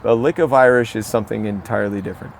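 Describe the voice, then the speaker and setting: A man's voice: lowish voice, very fast, gravelly, slight background noise. An American man talking in a casual podcast conversation, telling stories in a rambling, reflective way. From United States. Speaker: podcast co-host.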